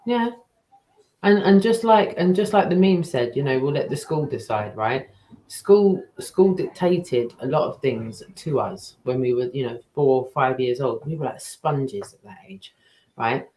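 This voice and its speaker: A woman's voice: rumbling low, lively intonation, unhurried, mellow. A woman co-hosting a podcast in casual chat, earnest and questioning. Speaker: podcast co-host. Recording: roomy echo.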